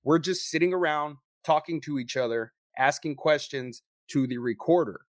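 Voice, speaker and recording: A man co-hosting a podcast, telling a story in casual chat with lots of swearing and animated delivery. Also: fairly high pitch, moderate pace, no echo, studio quality. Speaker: podcast co-host.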